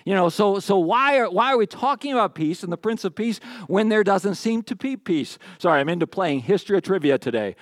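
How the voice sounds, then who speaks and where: A man preaching a sermon in church, lively and joking, quizzing the congregation with trivia. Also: high-pitched, fairly quick, hardly any pauses, no room sound, clean studio sound. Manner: lively, joking with the congregation, asks quiz questions. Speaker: pastor. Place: church sanctuary.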